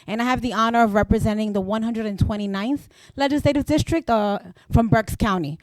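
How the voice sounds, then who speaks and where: A woman's voice: on the high side, brisk, no echo. A woman, a state legislator, introduces herself in a cheerful, enthusiastic political speech.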